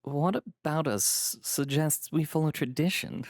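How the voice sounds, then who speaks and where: A man's voice: fairly high pitch, measured pace, no room sound, studio quality, voice pushed up. A man doing a sly, smirking trickster. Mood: breezy. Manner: mock-polite, teasing. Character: sly smirking male trickster, young adult.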